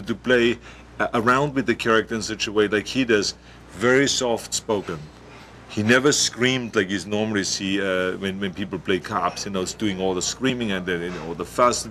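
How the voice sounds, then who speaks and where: A man speaking in a documentary interview with a fairly low voice. He talks in a halting way, restarting his sentences and filling pauses with fillers. There is a faint hiss behind him. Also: fairly bright tone.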